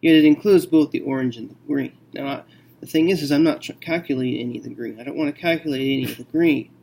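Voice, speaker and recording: A man teaches a math lesson, slowly working a problem while thinking aloud and saying "okay" often. His mid-range voice has vocal fry and a slightly mellow tone, with a little hiss or hum in the recording.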